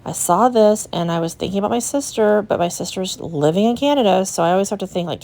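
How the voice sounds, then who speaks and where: A woman's voice: medium pitch, expressive, quick pace, gravelly, hardly any pauses, darkish tone. A young adult woman from the United States chatting and gushing to her viewers as she walks through an antique shop in a casual vlog. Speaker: vlogger and resale booth owner. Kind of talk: casual vlog chat while walking a shop.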